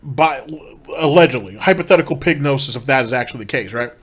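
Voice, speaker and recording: A man's voice: medium pitch, lively intonation, fast talker, a bit bright, husky. Sarcastic male commentary host. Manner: critical, sarcastic, rhetorical questions. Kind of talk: reaction commentary on a streamer clip.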